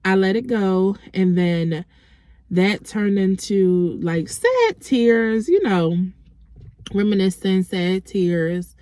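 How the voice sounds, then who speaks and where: A woman vlogger telling a personal faith testimony in a halting, reflective way, with frequent restarts. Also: medium pitch, expressive, dark tone, dry recording, studio quality.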